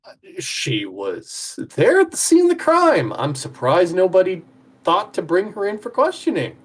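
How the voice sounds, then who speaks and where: A man's voice: sits high, huge pitch swings, measured pace, husky. A man streaming, chatting casually with dry jokes and explaining things. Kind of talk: casual chat during a game voice-over.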